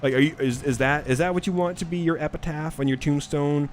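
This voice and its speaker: A man's voice: on the high side, steady tone, a little fast, slight background noise. A man co-hosting a casual chat while playing a video game, telling long rambling stories and laughing often. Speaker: co-host.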